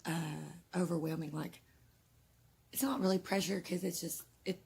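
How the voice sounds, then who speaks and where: A woman's voice: lowish voice, steady tone, unhurried, gravelly, a little mellow, a little hiss or hum. A woman vlogging casually to her viewers, nervous and flustered, rambling with lots of fillers. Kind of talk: casual vlog talk to camera.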